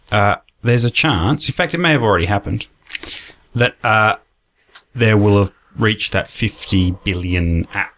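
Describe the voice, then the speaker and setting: A man's voice: on the low side, fairly bright tone. A man with a South Australian accent hosting a casual podcast chat. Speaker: podcast host.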